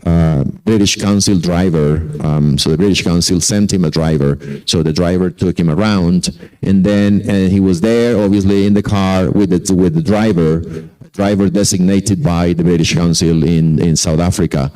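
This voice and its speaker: A man's voice: low-pitched, fairly even intonation, moderate pace, warm tone, clean tone, rough recording. A man lecturing to teachers, telling anecdotes and often repeating and correcting himself. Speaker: conference speaker.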